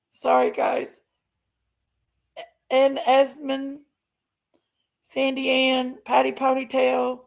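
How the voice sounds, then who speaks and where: A woman with a high-pitched, gravelly voice hosts a casual livestream. She reads out viewer names, thanks members, and vents about her sister.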